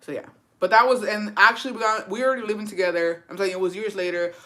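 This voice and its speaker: Brash, bright-voiced woman telling a story. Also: mid-range voice, fairly even intonation, very fast. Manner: brash, profane and sassy, calling listeners "bitch" and "besties"; slips Spanish phrases into English talk. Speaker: livestream host. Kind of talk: casual storytelling on a livestream.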